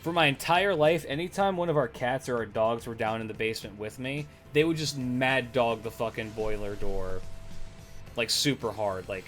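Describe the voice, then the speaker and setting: A man's voice: mid-range voice, moderate pace, a bit bright, faint music behind. A young man streaming, telling stories in a rambling, profane casual chat with many fillers.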